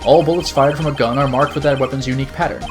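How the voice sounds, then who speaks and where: A man's voice: mid-range voice, over music, close to an everyday voice. A man reading an earnest young lawyer. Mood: explaining. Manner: steady, deliberate explaining. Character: earnest young male defense attorney. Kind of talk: reading game dialogue aloud.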